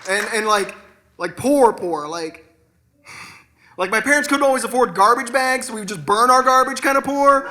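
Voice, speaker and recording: A man in his forties works through a self-deprecating stand-up set on stage, loose and conversational, with casual swearing. His voice is bright and forward. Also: very high voice, normal speed. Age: 40s. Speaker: stand-up comedian. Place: stage at an arts center.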